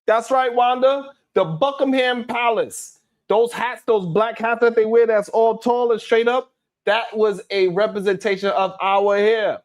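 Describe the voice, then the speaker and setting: A man's voice: extremely high pitch, fairly even intonation, measured pace. A man hosting a live stream, reading the chat and talking in a blunt, heated, profane way.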